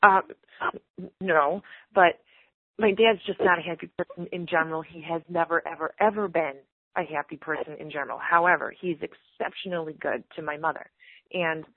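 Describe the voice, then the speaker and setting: Caller, woman, hesitant and rambling, slightly husky, dry phone-line sound. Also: on the low side, steady tone, normal speed, no echo. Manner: hesitant, rambling, laughs often. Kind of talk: call-in conversation.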